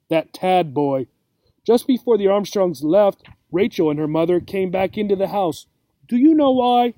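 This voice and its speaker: A man reading a children's story aloud for English learners, expressive and asking the listener questions. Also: high-pitched, dry recording. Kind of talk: storybook narration.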